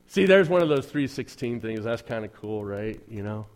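A man's voice: medium pitch, animated, normal speed. A man preaching a Sunday sermon in a church, conversational and joking, with dry sarcasm and frequent rhetorical questions to the congregation. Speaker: pastor.

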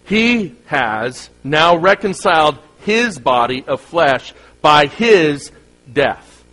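A man delivering a sermon in a fairly high voice. He swings from loud, emphatic peaks to quiet, low asides. He tells folksy everyday stories and acts out the voices in them. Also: animated, takes it slowly, low-quality recording. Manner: folksy storytelling with acted-out quotes and laughs. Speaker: pastor.

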